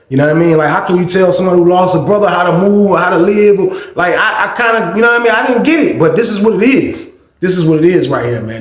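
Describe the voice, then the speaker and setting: A man hosting his own channel, telling a prison story in casual, animated slang and repeating points for emphasis. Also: a little high. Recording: roomy echo.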